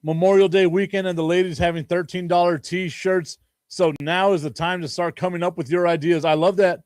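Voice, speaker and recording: A man's voice: high voice, steady tone, fairly quick, hardly any pauses, a little mellow, no echo, studio quality. Joking male sports talk host. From Chicago. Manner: joking, rambling, laughs often. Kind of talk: casual sports talk stream.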